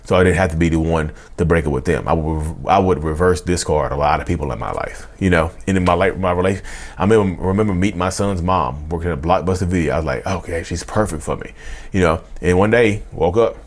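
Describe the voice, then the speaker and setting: A man in his thirties with a very deep voice, rattling off his life story at a quick clip. He speaks straight to the viewers, leaning on "y'all" and "you know." When he reenacts past arguments, his voice jumps up high and loud. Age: 30s. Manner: animated, acts out past outbursts in a loud high voice. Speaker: vlogger. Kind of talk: confessional storytelling.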